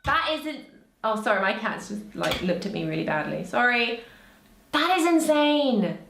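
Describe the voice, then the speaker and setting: A woman's voice: mid-range voice, sing-song, moderate pace, vocal fry, very noisy. A woman, a vocal coach, chatting casually and exclaiming as she reacts, with frequent laughs. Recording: echoey room.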